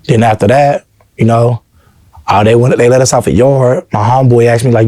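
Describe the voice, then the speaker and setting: An earnest man tells his story in a relaxed interview, constantly checking in with "you know what I'm saying." His voice is dark and mellow. It is recorded dry and close, with no room sound. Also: medium pitch, a little fast, no room sound. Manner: earnest, heartfelt. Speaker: interview guest. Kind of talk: casual personal storytelling.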